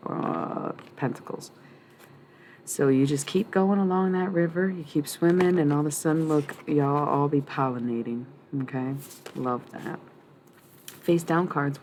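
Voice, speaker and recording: Gravelly woman doing a tarot stream. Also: sits low, a little mellow, slight background noise. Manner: rambling, blunt and profane, laughs often. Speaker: livestream tarot reader. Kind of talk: casual tarot reading on a livestream.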